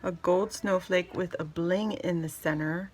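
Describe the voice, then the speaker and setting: A woman's voice: lowish voice, fairly even intonation, a little slow, slightly rough. A woman vlogger chatting through a craft unboxing, gushing and exclaiming, often swooping up into squeals. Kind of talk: excited unboxing chat.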